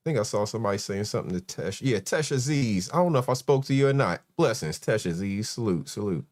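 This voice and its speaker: A man's voice: lowish voice, animated, fast, darkish tone. A man, hosting a casual live stream and greeting chat members one by one in a laid-back way. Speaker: host.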